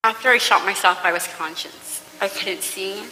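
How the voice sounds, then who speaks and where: A woman quietly recalling a personal testimony in a halting way. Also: medium pitch, a little hiss or hum. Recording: reverberant hall with music.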